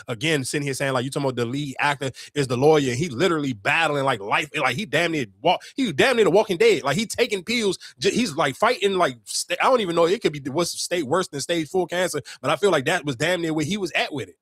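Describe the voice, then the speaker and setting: A young adult man hosting a podcast, telling a story in animated, profane casual chat with sudden outbursts. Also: a little high, quick pace, hardly any pauses, breathy edge, no room sound, clean studio sound. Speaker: podcast host.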